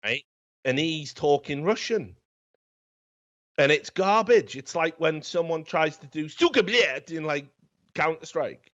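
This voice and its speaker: A man's voice: fairly high pitch, measured pace, pauses often, a bit bright. A man hosting a casual comedic film review, telling the story in a rambling, profane way. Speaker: film review podcast host. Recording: dull, lo-fi sound.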